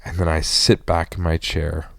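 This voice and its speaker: A man with a deep, gravelly voice gives an emotional personal testimony. He rambles and stalls, piling up fillers and restarting his sentences. The sound is dry and close, with no room echo. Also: level tone, a bit bright. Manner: halting, rambling storytelling full of "like" fillers and restarts. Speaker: guest giving a personal testimony.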